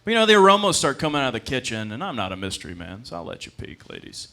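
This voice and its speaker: Rambling young stand-up comic. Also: male voice, medium pitch, huge pitch swings, very fast, vocal fry, pushed and bright. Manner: rambling, self-deprecating, with frequent fillers and laughs. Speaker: stand-up comedian. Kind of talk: stand-up comedy set. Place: comedy club stage.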